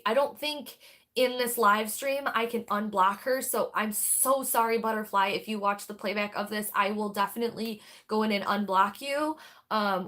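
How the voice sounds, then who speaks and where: A woman's voice: medium pitch, fairly bright tone. A woman hosting a tarot livestream, chatting casually and candidly, rambling and swearing freely as she responds to viewers. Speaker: tarot reader and livestream host.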